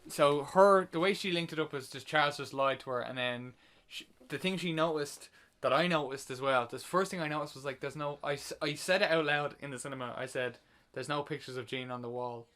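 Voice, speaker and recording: Male podcast co-host, a bit high-pitched, animated casual movie-review ranter. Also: a little fast. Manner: animated retelling, swears when ranting.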